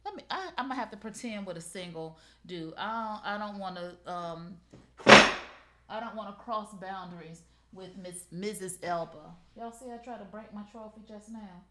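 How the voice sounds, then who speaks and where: A middle-aged woman hosting a live shopping show, pitching deals in a playful, chatty way and talking straight to her viewers. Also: moderate pace, background noise.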